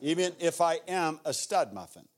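Middle-aged guy preaching, high voice, acts out every character, jokey asides. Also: moderate pace. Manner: animated, acts out the people in his stories; playful asides. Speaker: guest preacher. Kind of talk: sermon storytelling.

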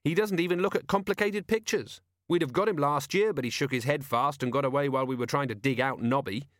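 A man voicing an earnest young male city watchman, raised and lively in his questions. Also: medium pitch, fast talker, dry recording, studio quality, pitched above the performer's own voice, natural voice. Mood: eager.

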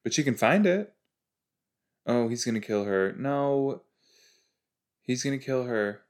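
Male podcast host, unhurried casual reaction commentary, rambling with frequent exclamations. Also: medium pitch, expressive. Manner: chatty, rambling, exclaiming with frequent self-interruptions.

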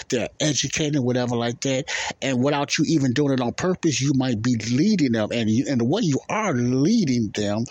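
A man's voice: mid-range voice, a little mellow, breathy edge, no echo. A middle-aged man hosting a podcast, talking loosely and repeating himself as he comments on video clips. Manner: loose, repetitive, keeps asking if you understand. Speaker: podcast host.

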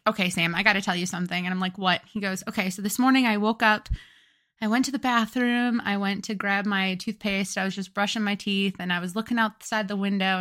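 A young woman co-hosting a podcast in casual chat, telling animated stories and acting out what friends said. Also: mid-range voice. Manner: animated storyteller, acts out quoted friends. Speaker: podcast co-host.

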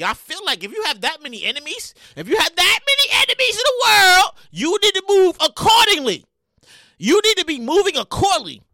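High, lively-voiced man ranting on a podcast. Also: no echo, studio quality. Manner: animated, profane, frequent restarts and repeated phrases; bursts into loud acted-out reenactments. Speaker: podcast host. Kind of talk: solo casual commentary.

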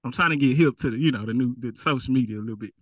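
A man's voice: mid-range voice, rapid-fire, no room sound, low-quality recording. A man preaching a conversational sermon to his congregation, playfully acting out a rich man in casual slang and laughing along with his own jokes.

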